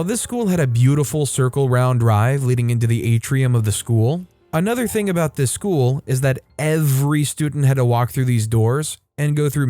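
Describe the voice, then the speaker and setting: A man's voice: medium pitch, a little mellow. Wry male storytime narrator. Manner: casual, wry asides.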